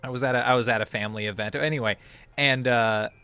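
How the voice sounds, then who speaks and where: A man's voice: mid-range voice, steady tone, fast talker, sharp tone, clean tone, no echo, faint music behind. A man chatting casually over a video game, laughing often, rambling and swearing freely. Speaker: co-host of a gameplay video. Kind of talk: casual gameplay chat.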